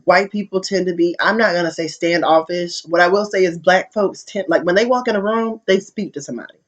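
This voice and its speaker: A man's voice: sits high, fairly quick. A man talking casually to his viewers in a candid, profane, storytelling way. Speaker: vlogger. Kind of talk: casual opinion monologue. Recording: dull lo-fi recording.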